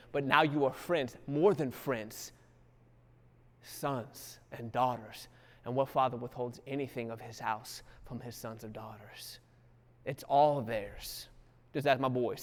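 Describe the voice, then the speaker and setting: A man teaching the Bible in a fervent preaching style, falling to a hush and rising to loud exhortation, with casual dialect phrasing as he acts out quotes. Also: medium pitch, in a large hall.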